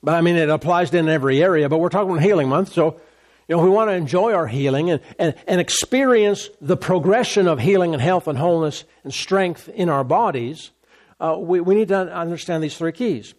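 Emphatic preaching man, slightly high voice. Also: fairly quick, darkish tone. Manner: repetitive, emphatic preaching with rhetorical questions. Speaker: pastor. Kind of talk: sermon.

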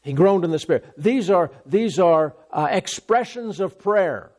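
A man's voice: sits high, expressive, a little slow, darkish tone. A man preaching a sermon, emphatic, repeating phrases and restarting mid-sentence.

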